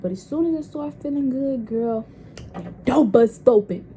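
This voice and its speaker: Brief: young woman vlogger, slightly high, mellow tone, frank and animated storytelling. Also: normal speed, slight background noise. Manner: candid, profane, animated storytelling. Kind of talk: casual storytime vlog.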